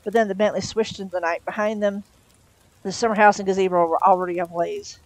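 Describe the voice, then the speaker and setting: A woman reading a novel aloud in a steady, expressive storytelling manner. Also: medium pitch, fast, dry recording, low-quality recording. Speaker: reader.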